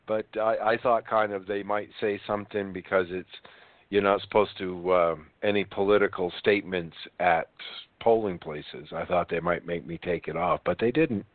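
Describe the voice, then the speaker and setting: Low-voiced man chatting on a phone line. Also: steady tone, normal speed, dry recording. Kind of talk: casual chat.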